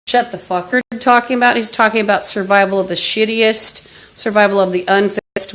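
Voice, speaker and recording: A woman's voice: medium pitch, poor audio. Woman ranting angrily on a live stream. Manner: profane, hostile, berating unseen listeners. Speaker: livestreamer. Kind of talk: angry live-stream rant. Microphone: phone livestream.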